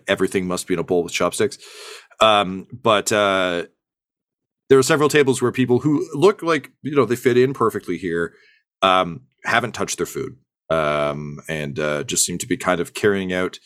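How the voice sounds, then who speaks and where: A man's voice: low-pitched, a bit bright, no room sound, clean studio sound. A man narrating a tabletop game as game master, rambling with many ums and uhs.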